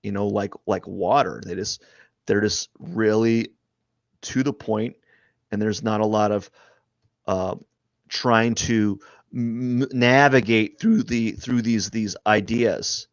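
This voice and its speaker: A man with a low, gravelly voice narrates his drawing on a live stream, rambling as he thinks aloud and restarting his sentences. The sound is dry and a little dull and lo-fi. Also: slow, no echo. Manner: rambling, thinking aloud, many restarts, often trailing off quietly.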